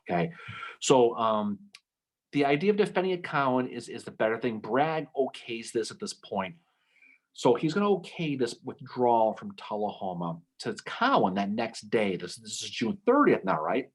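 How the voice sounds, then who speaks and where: A man co-hosting a casual history podcast, telling the story with lively acted-out quotes and frequent "okay?" asides. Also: medium pitch, moderate pace. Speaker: podcast co-host.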